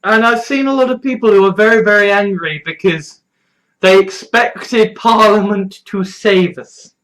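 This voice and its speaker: Young British vlogger, slow heated delivery, sarcastic, swears a lot, stuffy-nosed, mid-pitched. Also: low-quality recording. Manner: swears freely, heated and sarcastic, rising to shouting. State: stuffy nose. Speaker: political vlogger. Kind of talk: ranting political vlog.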